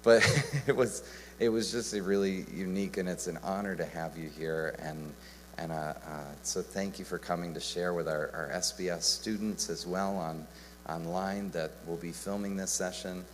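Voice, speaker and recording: A man hosting a church session, introducing the next speaker in an emotional, halting way with many restarts. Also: low-pitched, steady tone. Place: church hall. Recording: reverberant hall, faint hum.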